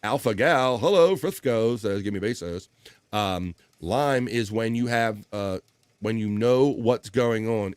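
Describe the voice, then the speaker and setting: A man's voice: fairly low pitch, clean tone, no echo. A middle-aged man hosting a livestream, chatting loosely and reading out viewer comments. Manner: rambling, loose and chatty with fillers. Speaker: livestream host.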